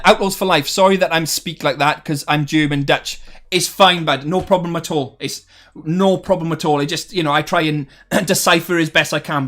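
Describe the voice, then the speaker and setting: A man's voice: a little high, a bit bright. A man hosting a casual livestream, reading viewers' chat messages aloud and answering in a chatty, friendly way with many fillers and restarts. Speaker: streamer reading live chat.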